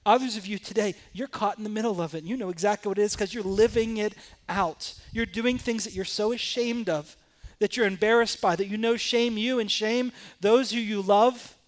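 A man preaching a sermon as pastor, moving between quiet, intense passages and rising, emphatic questions. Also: high voice, normal speed.

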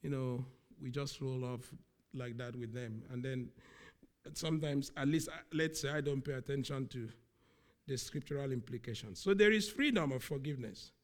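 A man preaching a sermon, speaking slowly and with emphasis, often repeating key words. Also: medium pitch.

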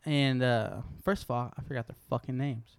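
A woman's voice: very deep voice, normal speed. A young woman co-hosting a podcast, telling stories in loose, casual chat full of swearing. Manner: loose, profane storytelling. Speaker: podcast co-host.

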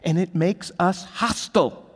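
A man preaching a sermon as pastor, swinging between quiet asides and loud emphatic peaks in a large church hall. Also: high-pitched, unhurried, breathy edge. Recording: long reverb of a large hall.

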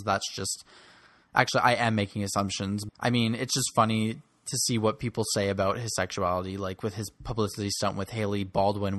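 A man's voice: fairly low pitch, a bit bright, no room sound. Snarky young man ranting about pop music. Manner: snarky and blunt, rants about artists. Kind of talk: opinionated solo commentary.

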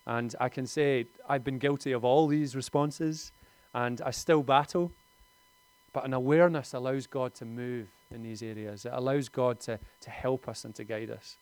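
A man's voice: mid-range voice, fairly even intonation, normal speed, darkish tone, clean tone, no room sound. A man, preaching a conversational sermon in a lightly humorous tone.

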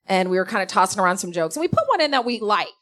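A young woman, a comedy writer, telling funny stories in a lively, laughing way and acting out the people in them. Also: mid-range voice, rapid-fire. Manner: animated, laughs often, acts out voices in her stories. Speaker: comedy writer and guest storyteller. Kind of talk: casual comedic storytelling before a live audience.

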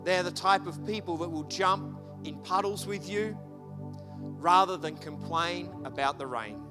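A man preaching a sermon, telling a story with lively, animated delivery and shouting at the peaks. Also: sits high, unhurried. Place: church hall. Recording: long hall reverb, faint music behind.

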